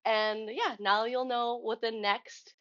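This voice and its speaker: A young woman vlogging, telling a story in a chatty, animated way and acting out the dialogue. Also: a little high, takes it slowly, highs cut off. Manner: chatty, animated retelling with quoted dialogue and laughs. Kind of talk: casual storytelling vlog.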